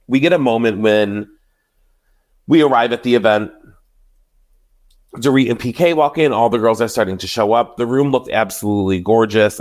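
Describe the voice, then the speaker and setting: A man hosting a podcast, chatting casually and animatedly as he recaps reality TV, acting out what people said. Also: on the low side. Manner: chatty, animated retelling with quoted voices. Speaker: podcast host. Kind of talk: casual solo recap chat.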